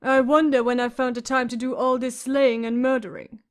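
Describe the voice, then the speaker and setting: Woman doing a bitter dwarf lord, biting sarcasm, high voice, audiobook. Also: normal speed, darkish tone. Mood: sarcastic.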